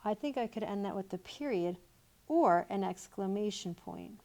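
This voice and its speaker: A woman teaching a recorded grammar lesson, reading example sentences slowly and deliberately. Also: mid-range voice, expressive, dark tone. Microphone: tablet microphone.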